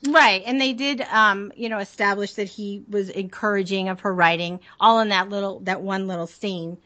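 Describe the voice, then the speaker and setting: A woman's voice: medium pitch, fairly even intonation, normal speed, sharp tone. A woman with a mid-range voice chats on a podcast about a film. She is casual and adds corrections from the real history. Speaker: podcast co-host. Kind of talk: casual movie recap chat.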